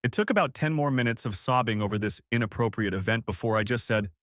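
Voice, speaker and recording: A man narrating a first-person story as an audiobook reader with a steady storytelling manner. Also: medium pitch, quick pace, hardly any pauses, no room sound, studio quality.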